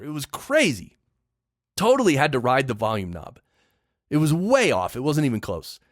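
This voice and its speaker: A man's voice: mid-range voice, no room sound, studio quality. Opinionated man ranting on a podcast. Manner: opinionated, emphatic ranting with repetitions. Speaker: podcast host. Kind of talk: casual solo podcast monologue.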